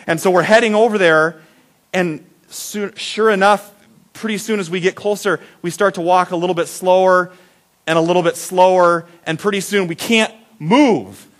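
A man preaching a sermon, telling a childhood story with acted-out voices and big swings between loud and soft. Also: sits high. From Iowa. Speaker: pastor.

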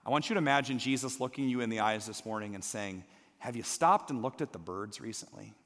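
Dynamic male preacher in a large reverberant hall. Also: medium pitch. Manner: dynamic preaching, dropping to a hushed near-whisper and rising to emphatic calls. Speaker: pastor. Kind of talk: sermon.

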